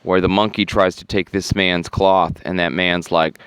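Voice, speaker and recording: A man narrating a comedic travel vlog with deadpan, crude jokes and offhand asides. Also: deep voice, moderate pace, clear, resonant tone, no echo. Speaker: travel vlogger.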